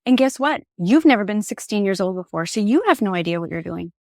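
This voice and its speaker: Expressive middle-aged woman, dry close sound. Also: medium pitch, quick pace, no echo. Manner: animated, expressive, candid. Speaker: podcast guest. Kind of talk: conversational storytelling. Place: podcast conversation.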